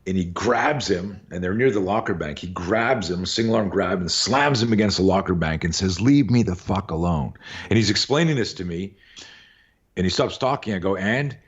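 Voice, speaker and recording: A man's voice: sits low, a little fast, slightly rough, muffled recording. A middle-aged man, a podcast guest, casually telling a long anecdote, acting out the voices and swearing now and then. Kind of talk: casual storytelling.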